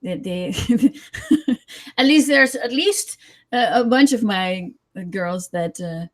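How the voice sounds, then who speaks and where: A woman from the Netherlands with a slight Dutch accent, a guest in a casual chat, relaxed and often giggling. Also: a little high, slow pace. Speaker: guest sex coach.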